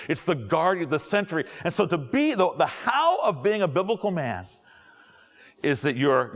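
A middle-aged man, a pastor, preaching a sermon with jokes and quick asides to his audience. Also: a little high, long reverb tail. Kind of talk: sermon to young adults.

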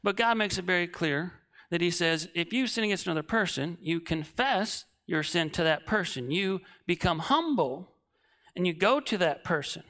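Preacher guy late 30s, super animated, bright voice, loud then quiet. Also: high voice, normal speed. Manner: animated, swinging from shouting to hushed. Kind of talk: sermon with comic storytelling.

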